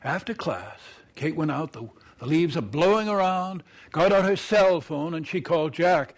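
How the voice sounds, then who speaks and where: Lively male storyteller. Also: a little high, moderate pace.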